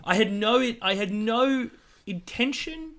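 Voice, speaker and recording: A man chats on his podcast in a bright, high voice that swings up and down a lot. He jokes around and throws in quick asides. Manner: animated, jokey, quick asides. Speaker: podcast co-host. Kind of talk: casual chat.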